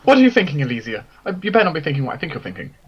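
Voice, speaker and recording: A man doing an excitable, curious bomb-loving alchemist. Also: fairly high pitch, dull audio. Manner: fast, excitable. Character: curious male bomb-carrying alchemist, eager.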